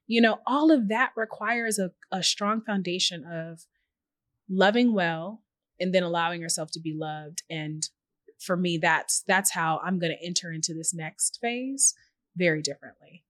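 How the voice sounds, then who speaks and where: Speaking at a moderate pace in a mid-range voice, this woman is a podcast guest who works as a journalist and founder. There's no room sound. In a reflective, conversational interview, she tells stories earnestly and warmly, acting out little quoted messages.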